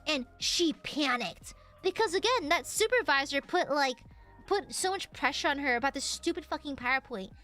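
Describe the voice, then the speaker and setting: A woman streamer telling a story in a casual chat, animated and swearing freely. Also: sits high, normal speed. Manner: animated, acts out the voices in her stories; swears casually, lots of fillers.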